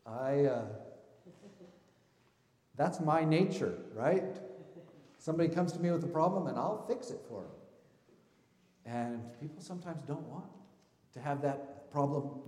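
A man preaching a sermon as pastor of his church, talking in a relaxed conversational way with asides and rhetorical questions. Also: on the high side. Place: church sanctuary. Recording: roomy hall reverb.

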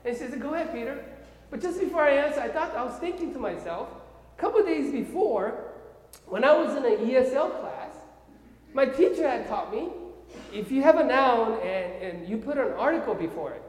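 A man from Korea with a Korean accent, preaching a sermon as an animated storyteller who keeps checking in with his listeners. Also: extremely high pitch, normal speed. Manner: animated storyteller, often checks in with "okay?" and "right?". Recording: echoey hall with long reverb.

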